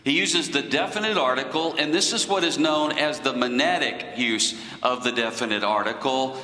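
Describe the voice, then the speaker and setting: A man preaching a sermon in a slow, deliberate teaching manner. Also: medium pitch, bright, forceful tone, roomy sound, in a large hall, slight background noise, rough recording.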